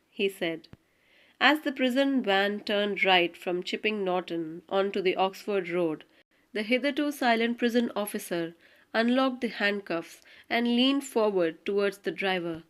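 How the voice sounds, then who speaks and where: A woman narrating a school audiobook story in a steady, even reading manner. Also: medium pitch, normal speed. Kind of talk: scripted narration.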